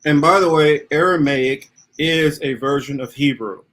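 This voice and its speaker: A man's voice: fairly high pitch, unhurried, fairly bright tone, poor audio. A man co-hosting a talk, cutting in with clarifications and disclaimers in a casual way. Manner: interjects clarifications and disclaimers, with fillers and restarts. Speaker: co-host. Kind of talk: casual commentary.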